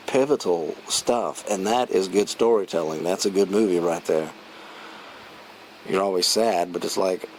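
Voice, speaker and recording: A man with a lowish voice talks through a film review in a loose, rambling way, restarting sentences and chuckling as he retells scenes. A faint hum of room ambience sits behind him. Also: a little mellow, rough recording. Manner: rambling, chatty, many restarts and fillers. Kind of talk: casual spoken film review.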